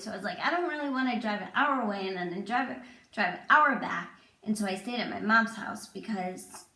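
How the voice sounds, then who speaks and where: A woman's voice: mid-range voice, a bit bright. A young woman telling a personal story to camera in a casual, rambling way, full of "like.". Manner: chatty, rambling, lots of "like". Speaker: vlogger. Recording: echoey room.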